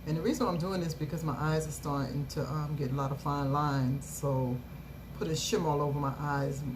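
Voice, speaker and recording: A woman's voice: sits low, brisk. A middle-aged woman hosting a casual makeup tutorial, upbeat and fond of repeating her catchphrases. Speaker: makeup vlogger. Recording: steady background noise.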